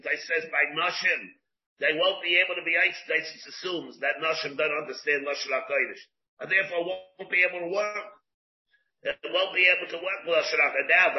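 A man, a rabbi, teaching a Talmud lesson who mixes English with Hebrew and Aramaic study terms and restates each point. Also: on the high side. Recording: dull lo-fi recording.

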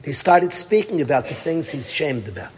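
Here the middle-aged rabbi, a yeshiva teacher, speaks in a slightly high, sing-song voice at a fairly quick clip, breathy at the edges. His sermon story is emphatic, full of rhetorical questions, alternately loud and hushed, in a large-sounding space.

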